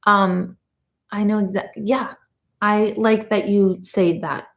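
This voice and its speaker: In an echoey room, a woman with a medium-pitched, unhurried voice talks casually on a livestream as a medium. She wanders through stories, reads comments from viewers, and tosses in lively asides.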